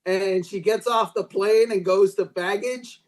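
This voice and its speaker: A man who is a football writer, chatting as a guest and telling animated, jokey analogies. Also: sits high, measured pace, low-quality recording. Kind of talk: casual sports chat.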